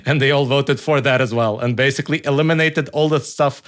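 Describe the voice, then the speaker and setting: Male interviewer, mid-pitched, measured and curious. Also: fairly even intonation, a bit bright. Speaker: podcast host. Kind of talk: casual interview talk.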